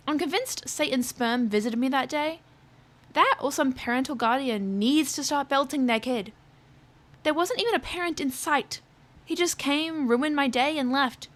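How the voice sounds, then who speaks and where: A woman's voice: sits high, fairly bright tone. A young adult woman telling a storytime rant in a sarcastic, profane way. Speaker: vlogger.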